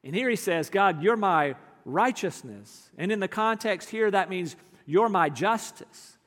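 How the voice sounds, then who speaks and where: A man preaching a sermon as pastor, earnest, moving between emphatic lines and hushed ones. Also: high voice, animated, unhurried, big-room sound.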